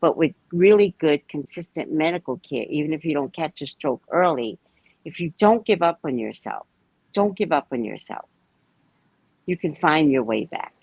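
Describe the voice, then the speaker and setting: Lively, gravelly-voiced woman tarot reader. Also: low-pitched, normal speed, no room sound, muffled recording. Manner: animated, expressive storyteller. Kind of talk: casual live-stream chat and tarot reading.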